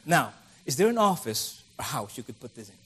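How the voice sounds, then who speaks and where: A man's voice: mid-range voice, big pitch swings, brisk, a bit bright, slightly rough. A middle-aged man preaching a conversational sermon, acting out the voices of the people he quotes.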